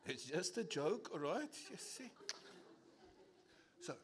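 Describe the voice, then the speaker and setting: A man's voice: high voice, slow pace, long pauses, a little hiss or hum. A male pastor with a South African English accent preaching a sermon, telling stories with acted-out voices. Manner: animated storyteller acting out voices. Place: church service.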